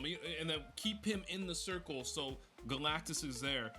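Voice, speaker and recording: A man's voice: on the high side, lively intonation, normal speed, sharp tone, faint music behind. A man casually reviewing a movie with a friend, arguing his points emphatically and swearing now and then.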